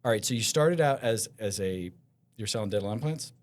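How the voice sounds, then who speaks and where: A man's voice: fairly low pitch, expressive. Casual man hosting a podcast. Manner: casual, chatty, quick reactions. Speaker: podcast host. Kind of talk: casual interview chat. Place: company TV studio.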